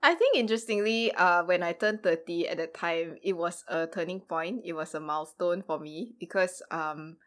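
A woman in her thirties who works in ministry, talking through her thoughts in a casual panel chat, pausing often with fillers and restarts. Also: on the low side, a bit bright. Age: 30s. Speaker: ministry worker, panel guest.

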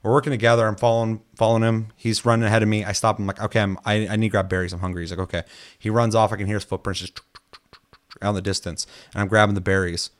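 A man's voice: on the low side, very fast. A man in casual chat, telling game stories with lots of swearing and acted-out quotes. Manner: animated storytelling, swears a lot, acts out quotes.

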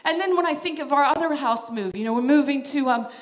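A woman in her thirties sharing a personal faith story, animated and laughing often, then going soft and emotional. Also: sits high, fast talker. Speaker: missionary speaker. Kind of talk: personal testimony talk.

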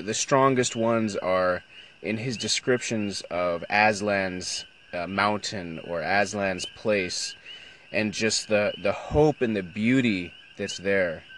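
Brief: thoughtful, hesitant middle-aged man, deep voice, unhurried. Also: fairly bright tone, a little hiss or hum. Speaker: Christian speaker. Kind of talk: reading aloud and reflecting.

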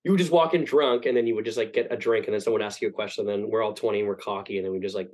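A young man in casual podcast chat, telling profane stories quickly and acting out the people in them. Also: lowish voice. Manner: fast, profane storytelling with animated impressions.

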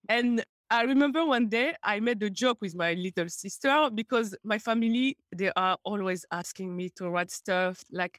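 A woman's voice: medium pitch, moderate pace, few pauses, no echo. Playful French-accented woman guest. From France. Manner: playful, laughing, animated storyteller. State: a little nervous. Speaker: podcast guest.

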